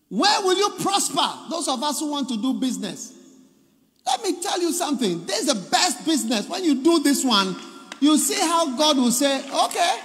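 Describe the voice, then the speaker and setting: A man with a Ghanaian accent preaching a sermon, dropping to low murmurs and then bursting into shouted lines. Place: large seminar hall. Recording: echoey hall reverb.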